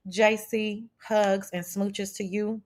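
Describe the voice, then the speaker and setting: A woman's voice: mid-range voice, fairly even intonation, slow, a little mellow. A woman hosting a casual livestream chat, brash and profane as she talks back to her chat. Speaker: livestream host.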